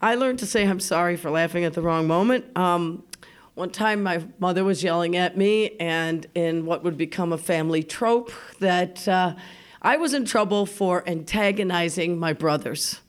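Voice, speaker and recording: A woman's voice: lowish voice, moderate pace, clean tone. Chatty woman telling a funny story. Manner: chatty, laughs often, acts out remembered voices. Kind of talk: live radio personal storytelling. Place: radio studio.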